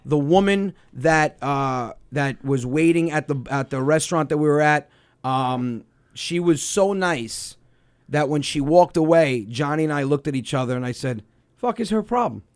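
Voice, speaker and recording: Brief: male comedy podcast host, New York accent, higher voice, rambling animated storyteller. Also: moderate pace, clear, resonant tone. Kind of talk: casual comedy podcast chat.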